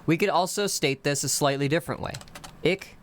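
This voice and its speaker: A man teaching his constructed language on a live stream, in a slow, explanatory way that breaks phrases into their literal word-by-word meanings. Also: fairly high pitch, a little hiss or hum.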